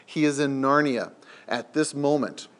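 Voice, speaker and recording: A man's voice: mid-range voice, a little slow, lightly acted. A man voicing a talkative, gloomy male beaver while reading a storybook aloud. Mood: eager.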